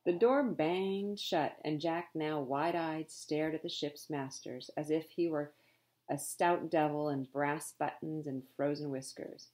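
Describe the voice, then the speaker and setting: A woman reading a children's novel aloud with expression, stopping now and then to explain a word. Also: low voice. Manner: expressive read-aloud, pausing to explain words. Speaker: reader.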